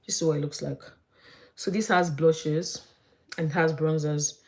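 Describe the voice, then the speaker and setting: A young woman chatting as she does her makeup, gossiping in an animated way. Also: low voice, measured pace. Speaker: vlogger. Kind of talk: casual chat while doing makeup.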